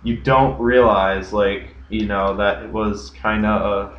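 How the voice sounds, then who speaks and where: A man's voice: lowish voice, steady tone, slow pace, a little hiss or hum. A young man co-hosting a casual podcast, telling stories with lots of fillers and restarts. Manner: rambling storyteller, many fillers. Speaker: podcast co-host. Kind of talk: casual chat. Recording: echoey room, dull lo-fi sound.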